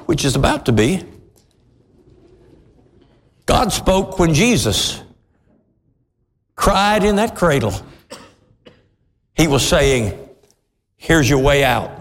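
A man preaching a sermon with passion, his voice climbing into shouts at its peaks. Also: on the high side, big pitch swings, slow, gravelly, pauses often, big-room sound. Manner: impassioned, rising to shouts.

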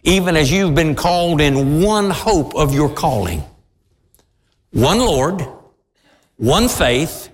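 A man preaching a sermon in a church, slow and emphatic, building to shouts. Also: fairly high pitch, big pitch swings, slight background noise. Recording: long hall reverb.

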